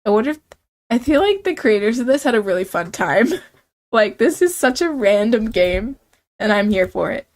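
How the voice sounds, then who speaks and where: A woman playing through a quirky story game on stream with a slightly high voice. She reads the on-screen text aloud and reacts in a casual, self-mocking way, laughing at how strange it gets. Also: big pitch swings, moderate pace. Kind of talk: game commentary reading dialogue.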